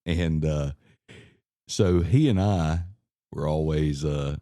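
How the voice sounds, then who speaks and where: A man telling a story in casual podcast chat, rambling and halting, with many fillers and restarts. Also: a bass voice, dark tone. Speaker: podcast co-host.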